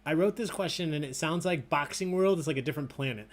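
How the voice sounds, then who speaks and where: A man's voice: on the high side, fast. A young man hosting an online trivia game, chatty and easily sidetracked. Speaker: trivia host. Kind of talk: casual livestream trivia hosting.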